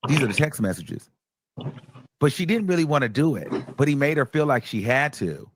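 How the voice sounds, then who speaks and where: A man hosting a casual live stream, recapping a court case with animated storytelling and acting out quotes, chatting with his viewers. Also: mid-range voice, a little fast, a little hiss or hum. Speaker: host of a live commentary stream.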